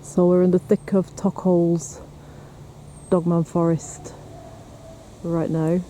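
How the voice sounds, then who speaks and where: A high, mellow-toned man talks casually to camera, teasing his companion as they walk through woods. Faint wind and outdoor noise sit under the handheld recording. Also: level tone, slow. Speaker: paranormal investigator vlogger. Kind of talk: casual outdoor vlog narration. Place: outdoors on a windy hill and in woods.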